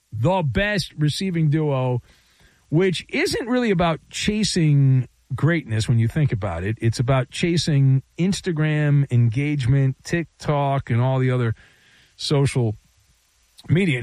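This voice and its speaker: A man's voice: mid-range voice, darkish tone, dry recording. A man hosting a sports talk radio show, riffing in a sarcastic, playful monologue.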